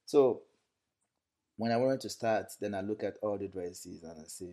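A man, a content creator chatting as a guest in a relaxed, rambling way with many fillers. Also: fairly low pitch, normal speed. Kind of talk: casual interview talk.

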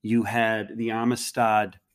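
A man's voice: lowish voice, little pitch movement, takes it slowly, clean tone. A man co-hosting a history podcast, talking things through and drawing comparisons. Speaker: podcast co-host.

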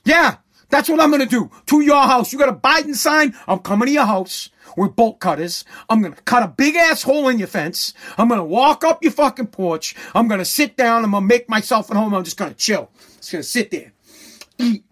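A man's voice: very high voice, expressive, brisk, fairly bright tone. A man ranting in a profane, sarcastic, indignant way. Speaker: ranter. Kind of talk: profane comedic rant.

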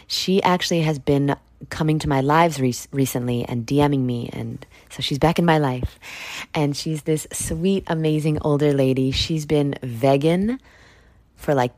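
Low-voiced blunt woman podcaster. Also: steady tone, measured pace, a little mellow, no room sound. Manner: candid, blunt, rambling with fillers and swearing. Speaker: podcast host. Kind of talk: casual solo podcast monologue.

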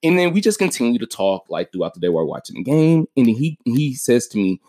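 A man's voice: medium pitch, fast. A man hosting a podcast, telling a story in casual chat, profane and full of fillers like "like" and "yo.". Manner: animated, profane, lots of "like" and "yo". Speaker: podcast host.

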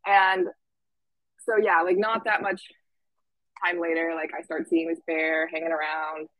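A woman's voice: sits low, measured pace, no room sound, rough recording. A young woman telling a camp story in a casual, chatty way, full of fillers and quoted voices. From Washington State. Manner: chatty, lots of "like" fillers, lively quoting. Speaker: camp staff guest.

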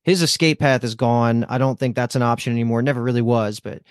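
A man's voice: medium pitch, steady tone, brisk, clear, resonant tone, no echo, studio quality. A man hosting a casual podcast discussion, chatty and rambling, swearing now and then. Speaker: podcast host.

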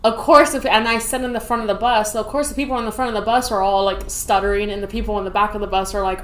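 Navy vet woman from dallas telling stories, lively, laughs a lot, mid voice, echoey room. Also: medium pitch, fast talker, few pauses. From Dallas, Texas. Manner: animated, laughing, acts out quotes. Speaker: podcast guest, Navy veteran. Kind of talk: casual interview storytelling.

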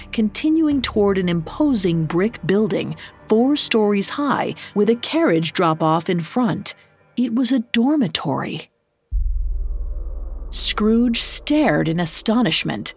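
A woman narrating a scripted story in a measured, unhurried manner. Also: mid-range voice, animated, soft background music.

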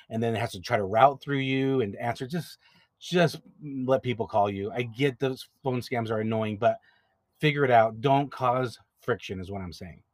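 A man who owns a notary signing agent business hosts an advice podcast, speaking casually and directly and often repeating words while he explains. His voice is mid-range, with no echo.

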